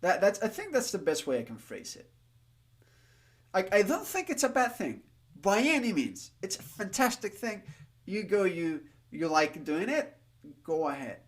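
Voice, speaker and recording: A livestreamer whose first language is not English chats loosely, thinking out loud. The voice sits at a middling pitch and swings through a wide, animated range. The speech is full of restarts, and it becomes especially halting, with many fillers, once the speaker switches to Japanese. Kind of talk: casual livestream chat.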